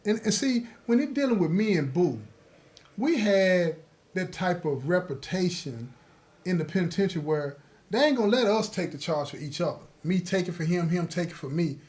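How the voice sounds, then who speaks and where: A man with a fairly high voice tells a story from his own life in a loose, conversational way. He talks straight to his listeners and keeps checking that they follow him. He brings the other people in his story to life as he goes. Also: animated, fairly quick, darkish tone. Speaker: host telling his own prison stories. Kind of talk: casual spoken storytelling.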